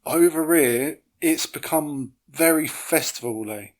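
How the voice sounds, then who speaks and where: A man's voice: fairly high pitch, slow. Man chatting casually about raves. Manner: enthusiastic, swears often. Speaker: guest, house DJ. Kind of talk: casual chat.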